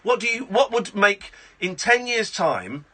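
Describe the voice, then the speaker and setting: Blunt, bright-voiced radio host. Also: male voice, sits high, sing-song, unhurried. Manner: blunt, rambling, full of restarts. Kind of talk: late-night phone-in chat. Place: radio studio. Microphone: studio microphone.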